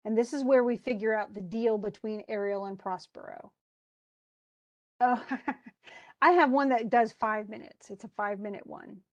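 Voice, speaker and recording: A woman's voice: on the high side, steady tone, moderate pace, no echo, muffled recording. A woman teacher talking a class through a play in casual, chatty explanations.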